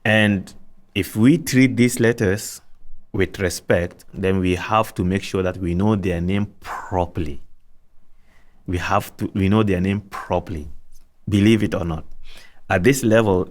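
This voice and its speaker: Man, lowish voice, patient alphabet teacher, slow deliberate repetition. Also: fairly even intonation. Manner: patient, repeats letter names slowly, many restarts. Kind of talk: slow, deliberate tutorial instruction.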